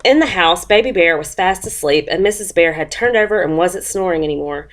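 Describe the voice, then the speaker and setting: A woman, sniffly from a cold, presents a first-grade lesson plan and reads a picture book aloud slowly, with voices and sound effects. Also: fairly low pitch, expressive.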